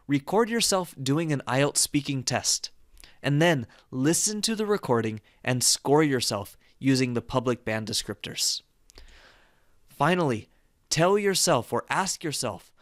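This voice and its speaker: A man teaching an online exam-prep lesson, explaining points steadily and clearly and stopping to check in with his viewers. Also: medium pitch, fairly bright tone, no room sound, clean studio sound. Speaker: IELTS speaking teacher.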